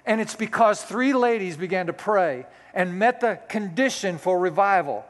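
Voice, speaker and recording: A man's voice: high-pitched, lively intonation, moderate pace. A male pastor in his sixties preaching a sermon, telling a personal story with folksy, self-deprecating humor. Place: church sanctuary. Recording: long hall reverb.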